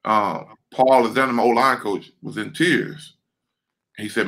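This ex-lineman speaks at a normal speed with a medium-pitched voice, and the recording is rough. He's on a video call spinning an animated story packed with profanity and repeated words.

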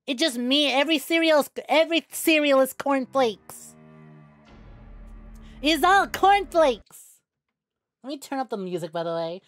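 A young woman streaming a game, chatting casually with viewers, excitable and quick to swear. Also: sits high, faint music behind. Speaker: VTuber streamer. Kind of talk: casual gameplay stream chat.

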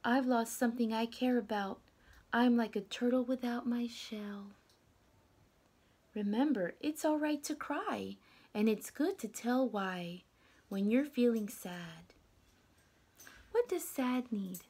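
A young woman teacher reading a picture book aloud to children, gentle and dropping to whispers, asking them questions. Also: on the high side, takes it slowly, long pauses, husky.

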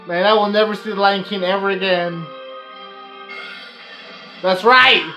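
A woman's voice: mid-range voice, steady tone, unhurried, long pauses, bright, forceful tone, faint music behind. A woman reacting live to an anime episode, with emotional, profane outbursts. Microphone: webcam.

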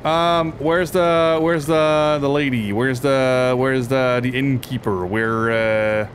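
A man commentating his own gameplay in a casual, profane and excitable way, reacting aloud to the game. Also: mid-range voice, slow, slight background noise. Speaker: gaming video host. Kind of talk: casual let's play commentary.

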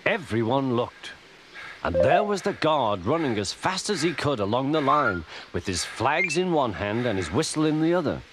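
A man narrating a children's story in an animated, expressive reading. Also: mid-range voice, normal speed, very noisy. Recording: loud music behind.

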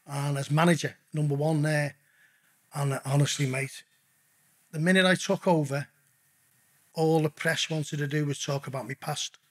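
A middle-aged man with a husky, fairly high voice tells stories as a podcast guest. He is blunt and casual, swears in nearly every sentence, and keeps calling the host "mate.". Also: steady tone, normal speed, long pauses, a bit bright. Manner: blunt, swears constantly, calls the listener mate. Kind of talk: casual storytelling interview.

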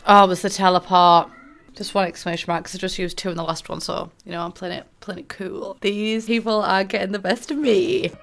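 A woman's voice: mid-range voice, steady tone, brisk, vocal fry, fairly bright tone. A young woman with a Middlesbrough accent chatting casually and swearing as she plays a game, often giggling and mocking herself. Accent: Middlesbrough English. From England. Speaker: gaming YouTuber. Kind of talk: casual gameplay commentary.

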